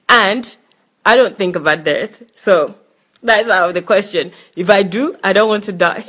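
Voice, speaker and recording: A woman's voice: mid-range voice, unhurried, a bit bright. A woman co-hosting a live question-and-answer talk, reading viewer comments and reacting openly.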